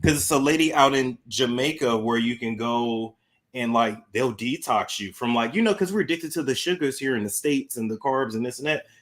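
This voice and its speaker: A woman's voice: extremely low pitch, expressive, moderate pace. A woman of about thirty, co-hosting a talk show and chatting easily, agreeable and full of fillers. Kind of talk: casual chat.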